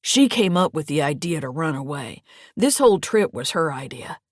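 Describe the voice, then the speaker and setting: Woman voicing a sly old grandfather, ex-convict, low, slow, coaxing. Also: big pitch swings, no echo, studio quality. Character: smooth-talking menacing old grandfather, ex-convict.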